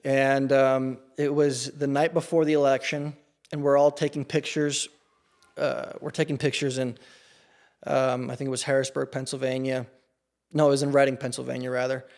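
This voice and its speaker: Flat-voiced man telling a story. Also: medium pitch, moderate pace. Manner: earnest, with frequent restarts and fillers. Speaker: campaign staffer, podcast guest. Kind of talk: casual interview storytelling.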